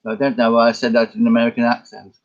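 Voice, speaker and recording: A painter and vlogger talks about his work in a loose, rambling video, musing, wandering off, and correcting himself along the way. His mid-range voice is delivered completely flat and rapid-fire, and the recording's highs are cut off.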